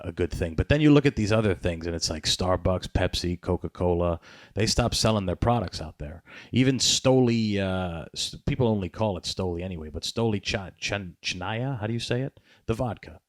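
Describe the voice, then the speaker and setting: Deep male voice, rambling sarcastic podcast host, swears a lot, dry close mic. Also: dry recording. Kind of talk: casual podcast chat.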